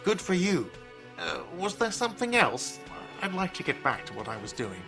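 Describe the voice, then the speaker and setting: A whiny, touchy diner manager in a video game. His pitch swings up and down a lot as he gets defensive, and game music plays behind him. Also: huge pitch swings, normal speed, exaggerated voice. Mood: irritable. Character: irritable, whiny adult male diner manager.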